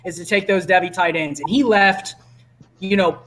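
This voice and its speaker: A man's voice: high-pitched, steady tone, moderate pace, fairly bright tone. A man chatting casually as a guest about fantasy football strategy, easygoing and explanatory. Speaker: podcast guest.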